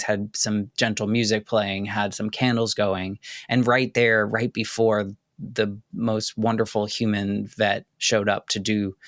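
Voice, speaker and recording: A man hosting a podcast, speaking candidly and haltingly about a painful loss, choking up at times. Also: lowish voice, fairly bright tone, dry recording, clean studio sound. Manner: candid, halting, with many restarts and "like" fillers. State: choking up with emotion. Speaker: podcast host. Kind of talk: personal reflective monologue.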